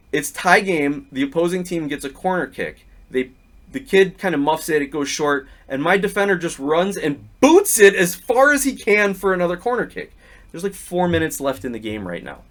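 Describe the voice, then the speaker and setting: Slightly hoarse middle-aged male podcast host. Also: on the high side. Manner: lively storyteller who acts out the quotes. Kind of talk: casual podcast storytelling and match recap.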